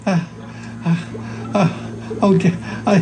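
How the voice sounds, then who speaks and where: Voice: medium pitch, steady tone, slow pace, noisy background. A performer voicing Paul, a shy yeti shrunk very small, stammering and flustered.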